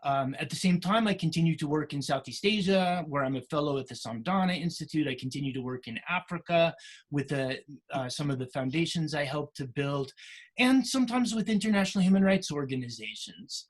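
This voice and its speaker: A middle-aged American man telling students about his career in a casual way, with many pauses and restarts. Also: fairly high pitch, lively intonation. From United States. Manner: many fillers and restarts, storytelling. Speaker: career day speaker.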